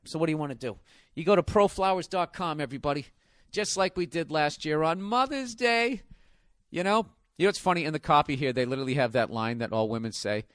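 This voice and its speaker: A man's voice: fairly high pitch, dry recording, studio quality. Profane, ranting Boston man hosting a podcast. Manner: profane, ranting, sarcastic, with sudden loud exclaims. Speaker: podcast host. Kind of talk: casual comedic podcast monologue, live ad read.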